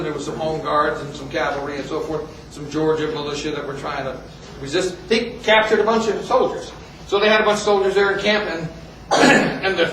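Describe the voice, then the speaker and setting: A man's voice: high voice, fairly bright tone, slight background noise. A man giving a folksy, joking history talk at a meeting, often restarting phrases. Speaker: speaker at a heritage group meeting. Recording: echoey hall, speaker far from mic.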